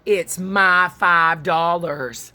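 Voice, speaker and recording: A woman's voice: fairly low pitch, drawn-out words, bright, forceful tone, heavily acted. A woman voicing a generous male strawberry farmer who hires workers in a folksy, friendly way. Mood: firm.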